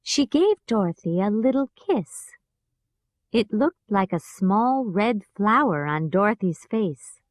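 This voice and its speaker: A woman with an American accent reading a graded storybook for language learners, clear and deliberate. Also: medium pitch, sing-song, no echo. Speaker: reader. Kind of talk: slow scripted narration for language learners.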